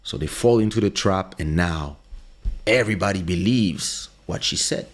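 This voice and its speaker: In a low voice at a moderate pace, this podcast host tells a story as an easygoing, animated monologue, performing the voices of the people he quotes.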